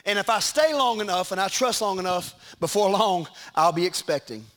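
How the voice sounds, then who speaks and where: A middle-aged man preaching a sermon in a church, animated, with shouted peaks and joking asides. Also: high voice, moderate pace. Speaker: pastor. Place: church sanctuary.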